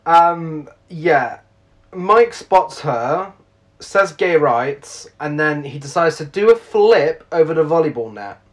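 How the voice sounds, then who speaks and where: A woman's voice: low-pitched, animated, slow pace. A woman co-hosting a podcast, retelling a film's plot in casual chat, blunt and giggling. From United Kingdom. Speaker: podcast co-host. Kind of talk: casual chat recapping a film.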